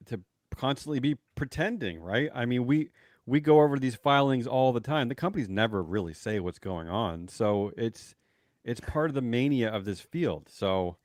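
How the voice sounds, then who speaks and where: A man's voice: mid-range voice, expressive, normal speed, no room sound. A man with a mid-range voice co-hosts a snarky market-news show. He jokes at his own expense and repeats a word as he starts a thought. The sound is dry and close to the mic. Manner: wry, self-deprecating, stammers on starts. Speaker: podcast co-host.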